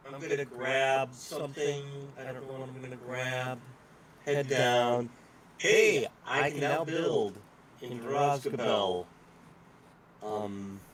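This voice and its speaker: A man chatting casually while playing an online game, unhurried and laughing a lot. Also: mid-range voice, a bit bright, a little hiss or hum. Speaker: game player.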